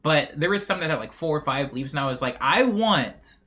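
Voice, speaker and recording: A man's voice: fairly high pitch, fast, sharp tone. A man hosting a live stream, chatting casually and reading chat messages aloud. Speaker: livestream host.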